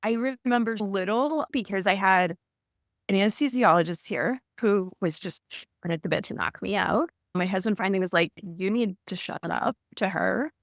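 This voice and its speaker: A woman in her thirties telling a personal story in a conversational way, animated and acting out the lines of people in it. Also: medium pitch, moderate pace, no echo, studio quality. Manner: animated, acts out quoted dialogue. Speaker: guest recounting her birth.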